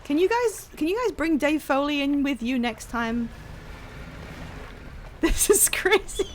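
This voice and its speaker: Woman streamer, casual and excitable, bouncy, slightly high voice, self-deprecating chatter, faint game music behind. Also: measured pace, slight background noise. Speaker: livestreamer playing a video game. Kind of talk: casual live-stream chat.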